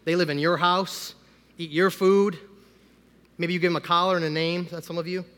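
A man, a pastor, giving a conversational sermon that rises into loud, emphatic preaching. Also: high voice, little pitch movement, normal speed. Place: church sanctuary. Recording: long hall reverb.

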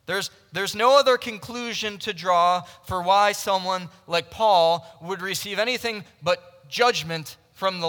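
High bright-voiced preacher in a reverberant hall. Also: male voice. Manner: earnest, conversational preaching with frequent restarts; swings between loud emphasis and hushed delivery. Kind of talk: sermon. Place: large room with a live audience. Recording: long reverb from a large hall.

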